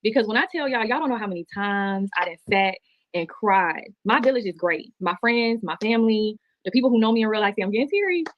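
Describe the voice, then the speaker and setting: Woman, emotional livestream monologue, rapid delivery, dull dry replayed audio. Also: mid-range voice, no room sound. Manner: chatty, heartfelt, rambling.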